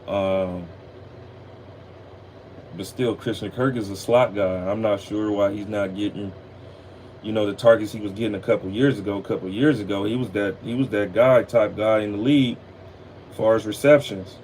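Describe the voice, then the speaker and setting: A man's voice: lowish voice, steady tone, moderate pace, a little mellow. A man hosting a casual football talk show, laid-back and tired, loose and profane, with a faint air conditioning hum behind him. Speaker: sports podcast host.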